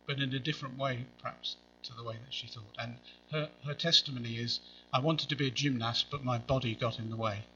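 A man's voice: medium pitch, sharp tone, dull audio, slight background noise. A man preaching a sermon in a conversational way, with wry asides.

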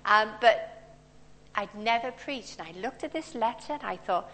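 A woman's voice: a little high, lively intonation, measured pace, a bit bright, slight background noise. Woman in her sixties preaching. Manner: conversational, storytelling with personal anecdotes. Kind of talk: sermon. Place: large church hall. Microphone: handheld or stand mic. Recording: long church reverb.

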